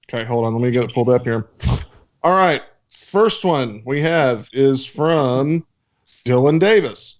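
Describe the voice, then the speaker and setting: A man's voice: mid-range voice, measured pace, long pauses, muffled recording. A man co-hosting a casual podcast, reading listener questions aloud with loose, joking banter and a bit of swearing. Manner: loose, joking, swearing, stumbles over names.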